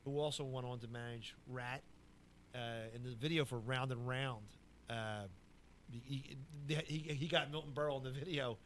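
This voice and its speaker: A man at a middle pitch tells a rambling story in casual podcast chat. He jumps into character for the quoted lines and keeps the tale rolling. A faint hiss sits under the recording. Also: moderate pace. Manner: animated anecdote teller who acts out quotes. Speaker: podcast co-host.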